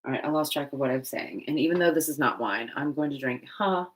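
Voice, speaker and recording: A woman's voice: sits low, quick pace. A woman vlogger chatting casually while painting, rambling and laughing often.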